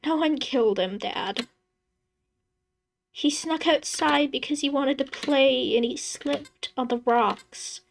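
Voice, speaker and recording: A woman's voice: high voice, slow, creaky, a little hiss or hum, pitched above the performer's own voice, exaggerated voice. Woman voicing a distraught young daughter pleading. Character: grieving obsessed father, middle-aged man.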